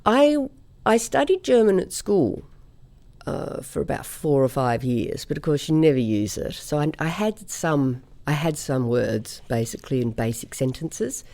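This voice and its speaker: She is a middle-aged woman from Australia, chatting as a guest in an interview. Her voice has a gravelly edge and a dark, mellow tone. She tells her stories in a lively way and laughs often. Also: sits low. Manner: chatty storyteller, quick to laugh. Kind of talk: casual interview chat.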